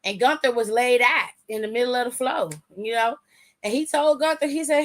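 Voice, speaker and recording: A woman talks through a wrestling aftershow in loose, casual speech. Her voice sits a bit high, and she is animated and swears freely. She keeps slipping into the wrestlers' lines to act them out. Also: moderate pace. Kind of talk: casual recap commentary.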